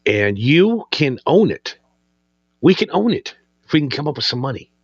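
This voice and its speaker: A man's voice: a little high, sing-song, normal speed, slightly rough, no echo, dull audio. A man co-hosting a casual podcast, trading jokes and banter. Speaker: podcast co-host. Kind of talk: casual stoner chat.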